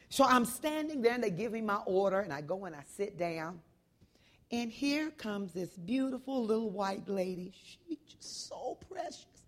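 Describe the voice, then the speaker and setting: A woman preaching a sermon, telling a story loudly, then dropping to a hush and rising again. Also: fairly high pitch, animated, normal speed. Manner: loud, swings between hushed and shouting.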